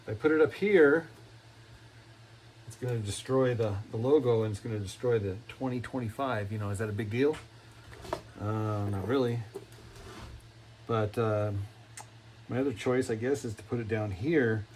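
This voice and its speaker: A man's voice: mid-range voice, moderate pace, long pauses, a little mellow, slight background noise, rough recording. A man with a folksy, rambling manner who often repeats himself, giving a casual step-by-step demonstration at his workbench in a home workshop. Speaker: cigar box guitar builder.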